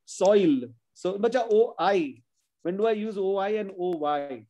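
A man's voice: high-pitched, unhurried, a crowd in the background, poor audio. A man teaching children spelling in an online class, patiently sounding out words letter by letter.

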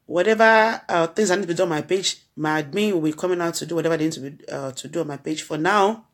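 A grieving woman with a Nigerian accent gives an earnest spoken tribute. She repeats her phrases with a preacher-like cadence. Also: lowish voice. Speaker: blogger addressing her followers.

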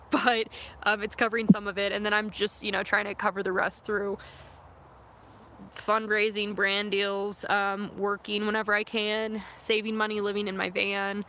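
Young woman on a livestream, phone mic outside, bright voice, rambly with lots of likes and ums. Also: medium pitch, little pitch movement, normal speed, slight background noise. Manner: chatty and rambling, full of "like" and "um" fillers. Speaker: vlogger reading live chat comments. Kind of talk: casual livestream chat. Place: outdoors in the wilderness near her van. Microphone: phone camera.

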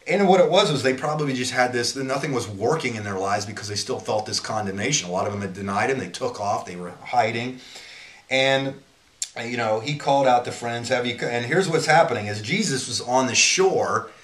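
A man of middle pitch talks through a Bible passage in a loose, earnest way. He often circles back and restarts his sentences as he goes. The room around him is roomy and echoey. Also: a little fast, a bit bright. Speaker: Bible teacher and businessman. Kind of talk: informal Bible teaching.

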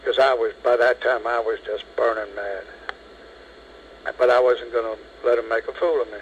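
Man, 70s, phone interview; lively storyteller who acts out the quotes, mid-range voice. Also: medium pitch, moderate pace, highs cut off, a little hiss or hum. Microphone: telephone.

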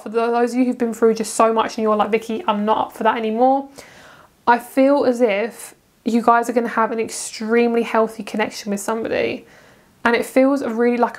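She's a British tarot reader with a bright pitch, giving a casual card reading. Gushing and excitable, she keeps bursting into laughter.

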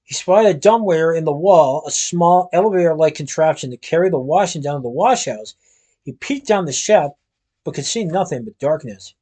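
A man's voice: a little high, lively intonation, normal speed, warm tone. A man reading a storybook aloud expressively, stumbling over words now and then. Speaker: reader. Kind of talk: storybook read-aloud narration.

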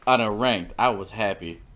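A man streaming a game in casual chat, mumbling and easily distracted. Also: a little high.

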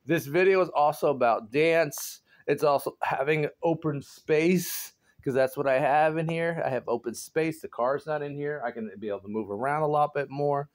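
A man in his forties chatting casually to his viewers from home, rambling and laughing often, jumping into high excited exclamations. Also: normal speed, few pauses. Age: 40s. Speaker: vlogger. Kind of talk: casual chat to camera. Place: home garage.

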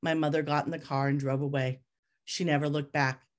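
A woman author reads her own memoir aloud with a low voice. Her delivery is measured and reflective, holding a steady pace through each line. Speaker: author reading her work. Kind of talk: memoir reading at a group reading.

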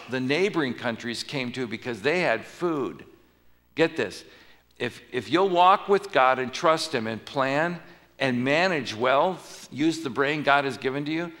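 Guy pastor giving a sermon in church, bright voice, long echo off the hall, keeps asking the crowd stuff. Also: medium pitch. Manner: conversational storytelling, asks the crowd questions. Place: church sanctuary.

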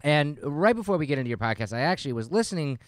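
Smooth-voiced podcast host man. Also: on the high side, sing-song, racing, no room sound, studio quality. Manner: friendly, hesitant questions with ums. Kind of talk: casual interview.

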